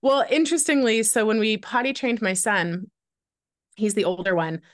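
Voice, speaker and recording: A woman's voice: mid-range voice, normal speed, no echo, studio quality. A woman guest on a podcast, telling personal stories candidly in a rambling way full of filler words. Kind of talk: candid conversational storytelling.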